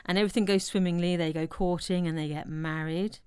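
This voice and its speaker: A woman, co-hosting a casual film chat and retelling the plot with animated storytelling. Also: on the low side, brisk, smooth, dry recording, clean studio sound. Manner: animated storytelling, acts out quotes. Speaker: podcast co-host.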